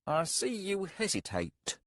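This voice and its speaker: A cautious, hesitant husband, voiced by a male audiobook narrator, asking quiet questions. His delivery is slow and husky, with a close, dry sound. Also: high voice, wildly swooping pitch, no echo, voice pushed up, heavily acted. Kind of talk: audiobook character voice.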